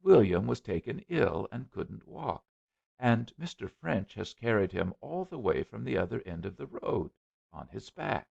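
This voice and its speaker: Man reading as a fussy young lady, fretful, raised and lively pitch, husky. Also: unhurried, exaggerated voice. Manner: fretful, gushing. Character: prim anxious young woman, fussy and gushing. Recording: dull lo-fi recording.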